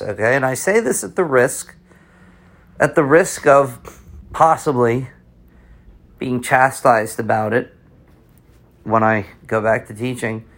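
A man's voice: medium pitch, fairly bright tone. A middle-aged American man who teaches, giving an impassioned, rambling opinion monologue full of restarts and fillers. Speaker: teacher and podcast host.

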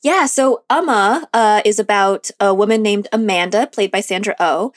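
A woman's voice: mid-range voice, moderate pace. A woman co-hosting a movie podcast in casual, chatty talk, laughing often. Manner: giggly, chatty, frequent laughs. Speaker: podcast co-host.

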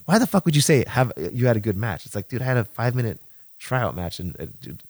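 Talking quickly in a mid-range voice, this thirtysomething man spins lengthy, profanity-laced tales during a relaxed podcast chat. He lively voices what other people said.

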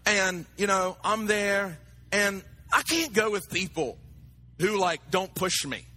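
A man preaching a sermon, animated and talking to his congregation with acted asides. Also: high-pitched, takes it slowly. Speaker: pastor.

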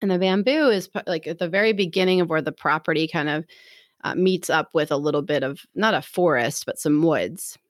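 A woman in casual chat, telling a story in an animated way and acting out what people said. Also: low voice, brisk, no room sound, clean studio sound. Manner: animated storytelling, acts out quotes.

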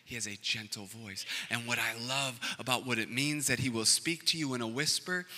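A male pastor preaching a sermon, swinging from loud, rising passages to hushed near-whispers. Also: mid-range voice, normal speed. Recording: reverberant hall with music behind.

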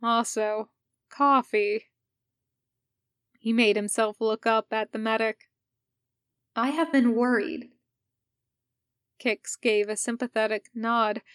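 A woman narrating a fan fiction story as a home-made audiobook. She reads slowly and steadily, in a voice pitched a little high. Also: steady tone, a bit bright, smooth, no echo, studio quality. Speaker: podfic reader.

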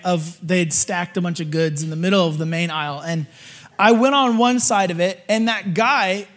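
A man preaching to a live group, telling a funny testimony story in an animated, joking way. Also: high-pitched. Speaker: guest preacher.

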